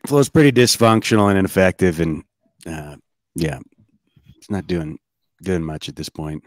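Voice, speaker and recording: Low-voiced matter-of-fact man. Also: normal speed, no room sound, clean studio sound. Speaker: podcast panelist. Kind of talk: casual chat.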